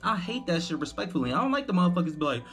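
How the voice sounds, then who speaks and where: Animated, profane young man reacting. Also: high-pitched, very fast, soft background music. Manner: profane, rambling, incredulous running commentary. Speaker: reaction video host. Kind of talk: casual reaction commentary.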